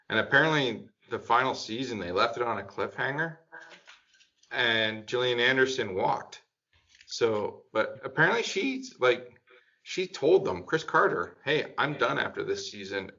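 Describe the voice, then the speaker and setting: A man talking in a relaxed group chat, thinking out loud with plenty of "um" and "like". He gets enthusiastic as he goes. The sound is dull and lo-fi. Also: mid-range voice, vocal fry. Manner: enthusiastic, rambling with fillers. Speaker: podcast panelist.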